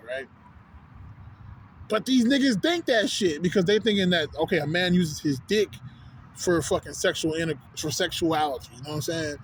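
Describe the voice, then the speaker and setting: A man's voice: fairly high pitch, a little hiss or hum. A man with a Texan accent ranting casually outdoors on a city street, rambling and profane, constantly asking if you follow him. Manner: rambling, profane, keeps asking "you know what I'm saying". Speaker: vlogger. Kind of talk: casual rant.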